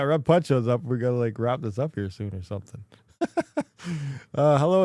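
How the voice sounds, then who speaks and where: A man's voice: a little high, darkish tone, no echo, studio quality. A man hosting a casual livestream, rambling, thinking aloud and laughing often. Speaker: crypto mining livestream host.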